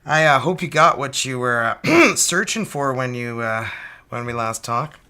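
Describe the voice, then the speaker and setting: Bright-voiced woman reading tarot. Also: extremely low pitch, lively intonation, measured pace. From Canada. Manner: chatty, upbeat, jokey. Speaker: tarot reader. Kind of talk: live-stream tarot reading.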